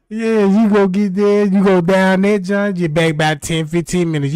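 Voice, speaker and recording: High-voiced man rambling on a livestream. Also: steady tone, slow, long pauses, a little mellow, clear, resonant tone, dry recording. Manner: loose, profane, rambling, keeps asking "you know what I'm talking about". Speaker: livestream host. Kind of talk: rambling comedic storytelling on a livestream.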